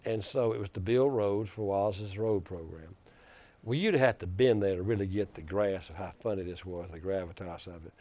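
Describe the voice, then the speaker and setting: A man's voice: low voice, moderate pace, mellow. An older man, a former state legislator telling political anecdotes in a rambling, conversational way. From Alabama. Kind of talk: storytelling in casual conversation.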